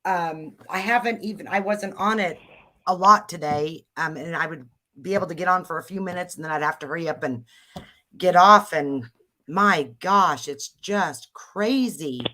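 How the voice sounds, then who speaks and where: A woman's voice: lowish voice, normal speed, pushed and bright. A woman hosting a casual livestream chat, exclaiming and trailing off. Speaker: livestream host.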